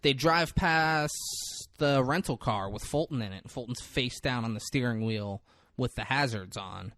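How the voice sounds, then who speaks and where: A man's voice: mid-range voice, normal speed, dry recording. A man co-hosting a podcast, recapping a film in casual chat and acting out characters' lines. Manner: animated, swears, acts out movie lines in big voices. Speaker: podcast co-host.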